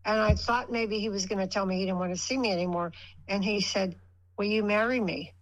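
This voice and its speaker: A woman's voice: medium pitch, fairly even intonation, fast talker, dull audio. An older woman, a guest on a radio show, rambling through a personal story and acting out what people said. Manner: rambling, acts out quoted dialogue in her story. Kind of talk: casual storytelling.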